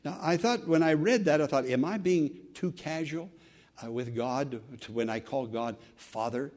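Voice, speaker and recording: A man's voice: fairly high pitch, normal speed, darkish tone. A man preaching an earnest sermon, building to emphatic exclamations. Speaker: pastor.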